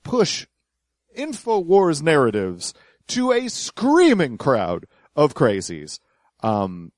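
A man's voice: fairly high pitch, huge pitch swings, slow pace, no room sound, studio quality. A man hosting a podcast in casual commentary, sarcastic and full of hesitant fillers. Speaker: podcast host.

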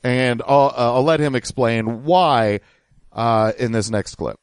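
A man's voice: medium pitch, measured pace, clean tone, no echo. A man hosting a podcast, explaining things in a wry, casual way and swearing now and then. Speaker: podcast host. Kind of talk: casual commentary.

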